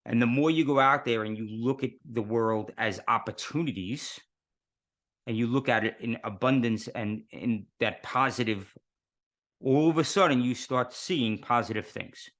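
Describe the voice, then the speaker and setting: A man talks as an interview guest, his pitch in the middle of the range. He tells his stories in earnest and works through them with rhetorical questions. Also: normal speed, a bit bright. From New York City. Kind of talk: casual interview talk.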